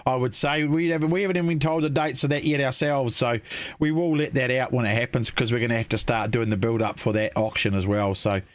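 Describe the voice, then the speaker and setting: A man's voice: mid-range voice, fast, no echo. A New man co-hosts a casual online show, talking loosely and filling gaps as he goes. His voice is recorded close and dry, with no room around it. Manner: relaxed, rambling with fillers. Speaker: co-host. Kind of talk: casual livestream chat.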